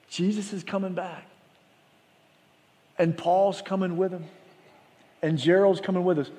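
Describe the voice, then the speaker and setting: A man's voice: high-pitched, in a large hall. A man preaching a sermon, earnest and conversational, acting out the people in his stories. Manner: earnest, conversational storytelling with animated retold dialogue. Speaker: pastor.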